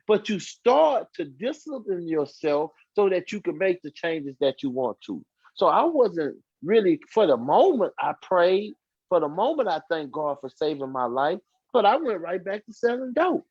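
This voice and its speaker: A man's voice: high-pitched, very animated, normal speed, a little mellow, husky, no echo. A man telling his life story on a podcast, acting out the voices of the people in it. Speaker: podcast guest. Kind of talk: casual storytelling testimony. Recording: dull lo-fi dry sound.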